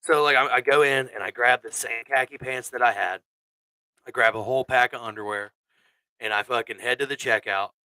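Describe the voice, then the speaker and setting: Animated, foul-mouthed man telling stories. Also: mid-range voice, a little fast, dry recording, rough recording. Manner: crude, animated storyteller who swears a lot. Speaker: podcast host. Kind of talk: casual storytelling chat.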